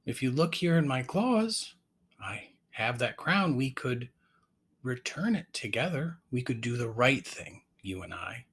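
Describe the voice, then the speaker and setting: A man's voice: mid-range voice, very animated, a little slow, a bit bright, breathy edge, full character voice. Edward, a man doing a talkative raven. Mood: earnest. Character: proud, talkative male raven hero.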